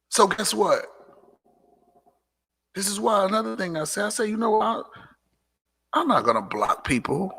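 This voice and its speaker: Gravelly, emphatic man preaching self-respect. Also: high voice, animated, normal speed, long pauses, pushed and bright. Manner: preachy and emphatic, repeats lines for punch, sassy asides. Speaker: host of a live motivational talk show. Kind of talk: live motivational monologue.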